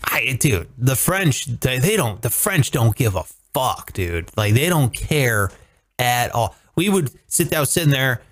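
An American man hosting a comedy podcast, chatting casually and animatedly, swearing freely and jumping into silly high voices when he quotes people. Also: very animated, measured pace, no room sound. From United States. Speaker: podcast host.

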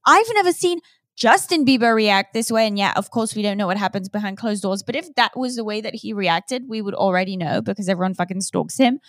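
A woman's voice: mid-range voice, fairly quick, no echo, clean studio sound. A young woman co-hosting a casual gossip chat, blunt and judgy, swearing freely. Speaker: podcast co-host.

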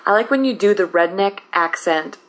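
A woman's voice: medium pitch, lively intonation, normal speed, low-quality recording. A woman hosting a podcast, chatting with her guest in a playful, teasing way. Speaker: podcast host. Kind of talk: casual interview.

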